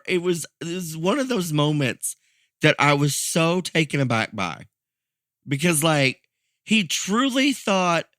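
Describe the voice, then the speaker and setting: A man co-hosting a podcast, telling a story in a casual, animated way, laughing and acting out the people in it. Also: on the high side, no room sound, studio quality. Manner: animated, laughing, acts out quoted voices.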